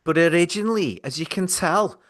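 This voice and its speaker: A man's voice: a little high, lively intonation, brisk, a bit bright. Man putting on a bossy woman producer. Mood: jokey. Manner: scolding, blunt, put-upon drawl. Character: bossy female podcast producer, blunt.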